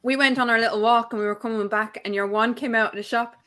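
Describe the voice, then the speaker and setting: A woman co-hosting a podcast in relaxed, teasing casual chat. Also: a little high, fast. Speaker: podcast co-host.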